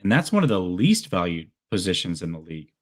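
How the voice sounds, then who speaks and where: A man's voice: low-pitched, sing-song, a little fast. A man hosting a sports call-in show, casual and enthusiastic, heaping praise on his callers. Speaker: podcast host taking calls.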